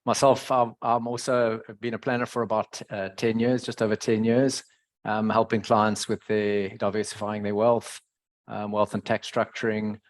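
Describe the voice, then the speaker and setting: A man with a South African accent hosting a webinar over a video call, with a hesitant, pausing delivery. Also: lowish voice, flat delivery. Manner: hesitant, many pauses. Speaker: webinar host. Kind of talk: webinar moderation.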